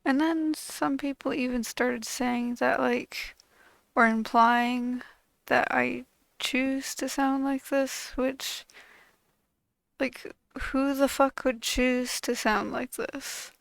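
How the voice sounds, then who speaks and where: Woman host venting to camera, slow and frustrated, in a dry, close recording. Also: high voice, little pitch movement, gravelly, no echo, low-quality recording. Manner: frustrated, profane, bitter. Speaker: channel host.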